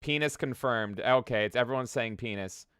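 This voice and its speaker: A man's voice: medium pitch, expressive, normal speed, a bit bright, clear, resonant tone, no echo, clean studio sound. A man co-hosting a casual gaming podcast, joking crudely and reading chat messages aloud. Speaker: podcast co-host.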